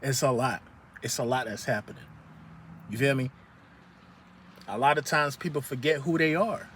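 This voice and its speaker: A man delivers a profane, preachy motivational rant while standing outdoors in the sun. His voice is bright and cutting, sitting in a mid register. He circles back over the same points again and again. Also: medium pitch, steady tone, normal speed, slight background noise. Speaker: vlogger.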